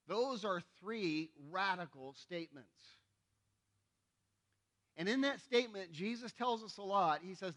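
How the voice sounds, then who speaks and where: A man's voice: high voice, animated, measured pace, long pauses, fairly bright tone. A male pastor preaching a sermon, conversational and emphatic, often checking in with the congregation. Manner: conversational, asks the congregation for responses; emphatic repetition.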